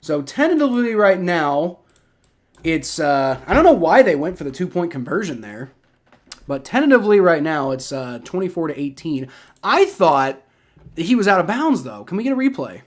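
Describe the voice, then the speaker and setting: An Ohio man with a Southern accent hosts a sports reaction livestream, rambling excitedly through live play-by-play of a football game and cursing when things go wrong. His voice sits a little high and he talks at a normal speed.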